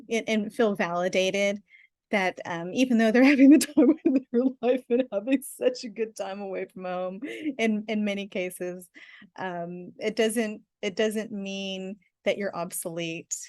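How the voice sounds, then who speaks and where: A middle-aged woman leading a guided self-help tapping session, gentle and affirming, with frequent small laughs. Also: mid-range voice, measured pace, dry recording, clean studio sound. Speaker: tapping practitioner guiding parents.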